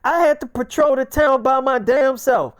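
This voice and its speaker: A woman's voice: high voice, moderate pace, no room sound, clean studio sound, pitched above the performer's own voice, lightly acted. A woman voicing a man who is an uneasy, resentful deputy partner, insistent and swearing. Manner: profane, insistent.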